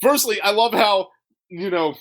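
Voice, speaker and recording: A man in his twenties co-hosting a podcast, chatting casually in an excitable, joking way and laughing often. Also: sits high, measured pace. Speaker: podcast co-host. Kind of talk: casual chat.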